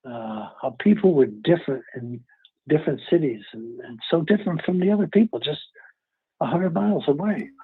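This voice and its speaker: A man's voice: on the high side, animated, normal speed, vocal fry, husky. An older man from New York City telling stories in a casual interview, rambling and chuckling as he searches for names. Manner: rambling, chuckling, loses names mid-story. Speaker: actor being interviewed. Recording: tinny phone-like call audio.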